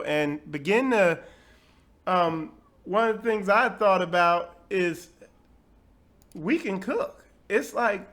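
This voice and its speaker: A man's voice: sits high, fairly bright tone. A man hosting a bible teaching webcast, talking loosely and conversationally with plenty of asides. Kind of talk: casual webcast talk.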